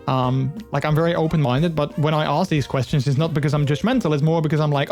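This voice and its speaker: Chatty streamer man, fairly high voice. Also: fairly even intonation, fast talker, a little mellow, soft background music. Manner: chatty, rambling with many fillers; open and earnest. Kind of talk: casual live-stream chat.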